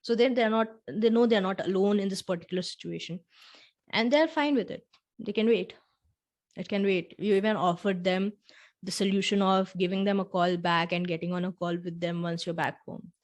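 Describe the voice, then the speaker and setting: A woman hosting a podcast, talking the listener through a scenario in the second person with soft asides, and slowing down on key points. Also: medium pitch. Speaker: podcast host. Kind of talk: reflective storytelling podcast.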